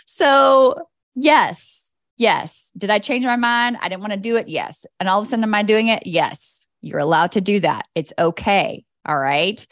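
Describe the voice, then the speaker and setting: A woman's voice: mid-range voice, expressive, unhurried, fairly bright tone, no room sound, studio quality. A woman hosting a podcast as an energy coach, talking in a casual, candid monologue. She swears freely and laughs often.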